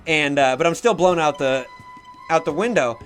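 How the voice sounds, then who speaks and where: A young adult man telling a long, rambling, profanity-heavy story in a casual way, getting loud when he acts out his own shouting. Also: on the high side, moderate pace, faint music behind.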